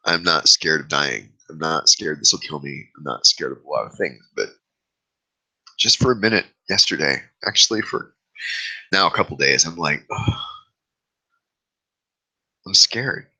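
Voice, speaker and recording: Deep, sharp-toned man rambling candidly. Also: moderate pace, vocal fry, low-quality recording. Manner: rambling and candid, speaking openly about his fears. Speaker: vlog host. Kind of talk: confessional vlog monologue. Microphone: own camera mic, self-recorded.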